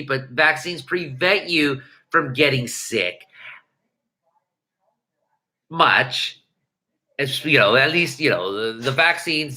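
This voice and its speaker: A man hosts a casual livestream, reading viewer comments and riffing at length. His voice is strikingly bright and forward. He swears freely and wanders through restarts and asides. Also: a little high. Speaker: livestream host.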